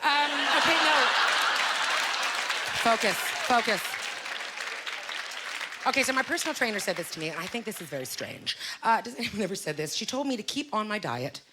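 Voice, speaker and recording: A middle-aged woman doing a stand-up comedy set on a club stage, with an animated, self-mocking delivery full of rhetorical questions. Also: mid-range voice, normal speed, pauses often. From Canada. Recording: live club recording, loud crowd laughter and noise.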